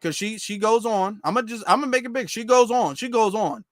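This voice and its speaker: A man's voice: high voice, brisk, no room sound. A man hosting a livestreamed reaction commentary show, sarcastic and repeating his rhetorical questions.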